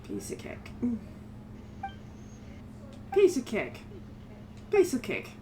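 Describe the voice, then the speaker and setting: Woman streamer, joking casual chat, slow easy delivery, a touch of noise behind. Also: mid-range voice, huge pitch swings, mellow. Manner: playful, swearing, laughing often.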